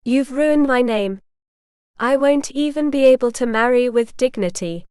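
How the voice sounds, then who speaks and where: A woman voicing a proud, stubborn young noblewoman who speaks indignantly and with a sharp tongue. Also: high voice, measured pace, smooth, dry recording, clean studio sound.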